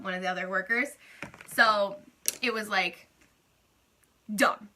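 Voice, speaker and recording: Bright, high-voiced chatty young woman. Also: normal speed, pauses often. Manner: chatty, animated, fillers of "like". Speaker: beauty vlogger. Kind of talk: casual venting vlog.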